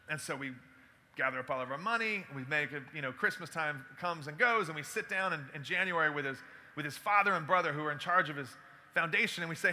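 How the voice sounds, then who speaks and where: A man giving a storytelling talk to an audience, animated and acting out the dialogue as he goes. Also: a little high, quick pace, a little hiss or hum.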